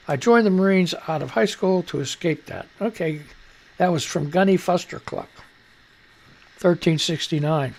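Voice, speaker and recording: A man's voice: high-pitched, vocal fry. A man hosting a live radio and stream show, rambling loosely and jokily through news headlines, muttering to himself between reads. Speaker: radio and livestream host.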